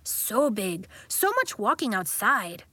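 A woman's voice: medium pitch, sing-song, slow, bright, forceful tone, no room sound, heavily acted. A woman reading the lines of a blunt, plain-spoken schoolkid.

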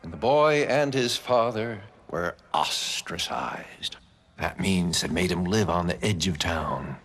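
A man telling a folk tale with animated delivery, sound effects and sudden shouts. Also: sits low, slow pace. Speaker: storyteller. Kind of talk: folk storytelling with banjo. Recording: banjo music under the voice.

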